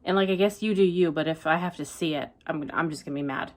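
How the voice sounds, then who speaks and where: Woman, book vlogger, low-ish voice, dry deadpan delivery tipping into ranting. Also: fast. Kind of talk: casual reading vlog.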